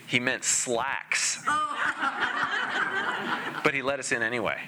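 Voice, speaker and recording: A man giving a spiritual talk to a live audience, telling stories in a lively way with frequent laughs and restarts. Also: medium pitch, moderate pace, heavy background noise. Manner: animated storyteller, laughs often, many restarts. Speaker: spiritual teacher. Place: meeting room with a live audience.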